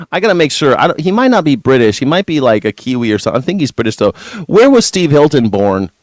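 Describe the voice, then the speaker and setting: A man's voice: mid-range voice, no echo. A man hosting a news reaction show, ranting in a sarcastic and profane way. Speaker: host.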